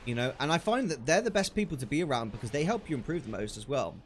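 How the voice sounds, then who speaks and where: A man chatting casually on a live stream while gaming, excitable and quick to laugh, often restarting his sentences. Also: fairly high pitch, slight background noise. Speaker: livestreamer.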